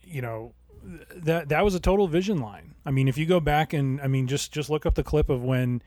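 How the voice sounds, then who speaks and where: A man co-hosting a casual podcast chat about a TV episode, talking thoughtfully and trailing softer as he searches for words. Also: on the high side, fairly quick, dry recording, studio quality. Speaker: podcast co-host.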